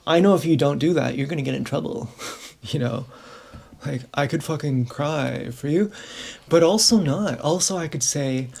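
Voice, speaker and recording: A man's voice: fairly high pitch, normal speed, gravelly, a little mellow. A man vlogging in a frank, rambling monologue to camera, swearing freely and laughing often.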